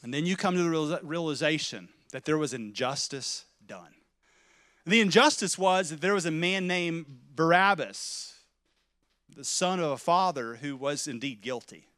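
A male preacher tells a vivid story in sermon style, his voice high and bright. He swings between quiet, low passages and loud, shouted moments. The sound is dry and close, with no room echo. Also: normal speed. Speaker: pastor.

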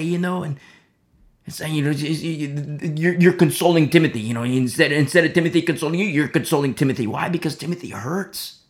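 A man's voice: a little high, brisk. A man preaching a conversational Bible teaching, repeating phrases and dropping to near-whispers for emphasis, acting out little mock dialogues. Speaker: pastor.

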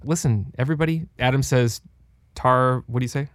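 A man's voice: medium pitch, brisk, no echo. Young guy cohosting a podcast from his home studio, jokey and swears a lot, dry sound. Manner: animated, swears freely, jokey. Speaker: podcast co-host. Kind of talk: casual podcast chat.

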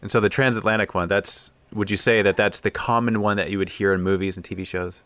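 A man's voice: on the low side, fairly even intonation, fast talker, a bit bright, no echo. A man hosting an interview show, reading out viewer comments and answering with brief, easygoing affirmations. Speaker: podcast host.

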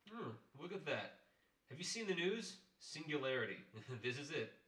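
A man reading the part of an easygoing thirties husband and art teacher, relaxed and joking in his manner. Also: on the high side, moderate pace, echoey room, distant mic, low-quality recording. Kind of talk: amateur play reading.

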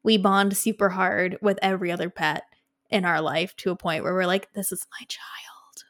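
Relaxed, reflective woman podcast co-host. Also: lowish voice, normal speed. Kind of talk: casual podcast chat.

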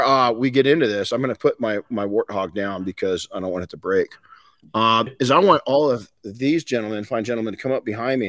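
A man's voice: medium pitch, dry recording. A middle-aged man hosting a podcast, talking casually and folksily with frequent restarts. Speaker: podcast host. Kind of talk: casual motivational talk.

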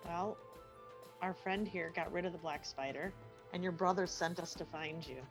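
A woman playing at a tabletop game, chatting casually and asking quick questions. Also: on the low side, fairly even intonation, soft background music. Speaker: player. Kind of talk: casual chat at the gaming table.

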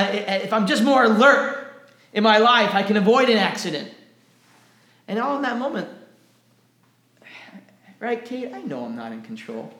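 A man with a fairly high voice preaches a sermon in an animated way, stumbling over repeated words as his energy rises. His voice rings in an echoey church room. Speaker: pastor.

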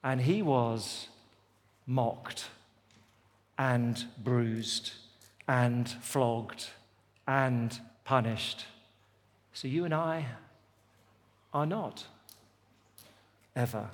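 A man's voice: mid-range voice, extremely slow, long pauses, in a large hall. A man preaching a sermon at a festival, with an emphatic, repetitive cadence. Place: festival venue.

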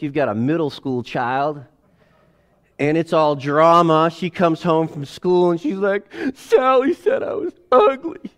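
Animated casual man preaching a sermon. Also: fairly high pitch. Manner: casual and animated, acts out family scenes. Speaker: pastor. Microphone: headset or lapel mic.

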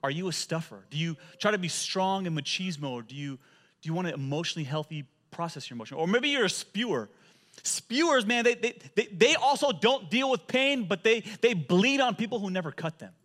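A male pastor preaching a sermon, telling animated stories and often repeating words as he goes. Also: sits high, a little fast.

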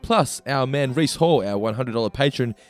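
A man hosting a podcast, brisk and upbeat, laughing along with his guests. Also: medium pitch, lively intonation, faint music behind. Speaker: podcast host. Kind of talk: casual podcast chat.

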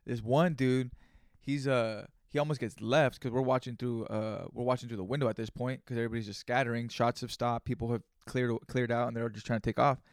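A man's voice: mid-range voice, fairly even intonation, a little fast, no echo, studio quality. A man hosting his own podcast, telling a rambling, profane story in casual, conversational speech. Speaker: podcast host. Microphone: studio microphone.

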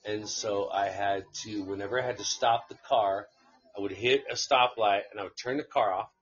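A man with a lowish, husky voice tells a profane, rambling anecdote on a live stream, laughing along the way. He speaks at normal speed, and the recording sounds muffled.

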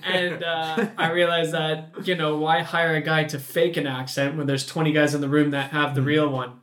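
A man's voice: a little high, normal speed. Laughing Canadian man telling a story. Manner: laughs often, relaxed storytelling. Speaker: podcast guest, puppeteer. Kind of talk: casual chat.

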